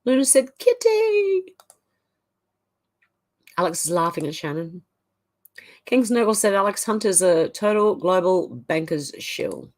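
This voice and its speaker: Woman, livestream host, lowish voice, reads chat aloud, casual chatty reactions. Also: lively intonation, normal speed. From Australia. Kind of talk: reading out live chat comments.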